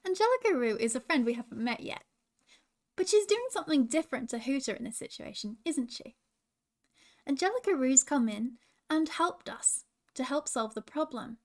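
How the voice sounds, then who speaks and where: A woman with an Australian accent reading a children's story with gentle coaching asides. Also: sits high, animated, moderate pace. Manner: warm, gentle, chatty with children.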